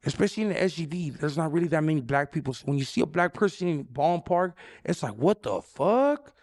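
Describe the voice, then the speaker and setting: Man, from los angeles area, gravelly voice, slightly high, interview, street slang, relaxed. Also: quick pace. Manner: street slang, relaxed, "you know what I'm saying". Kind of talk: casual interview talk.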